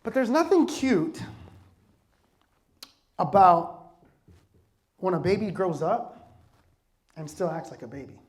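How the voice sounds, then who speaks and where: High-voiced man preaching with playful energy. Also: slow pace, pauses often. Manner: lively conversational preaching with constant audience questions; laughs easily and jokes with the congregation. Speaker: pastor. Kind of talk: sermon.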